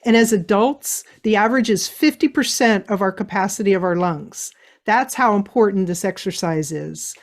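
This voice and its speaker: A middle-aged woman giving a motivational webinar talk, telling a story in an animated way. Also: mid-range voice, normal speed. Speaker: speaker.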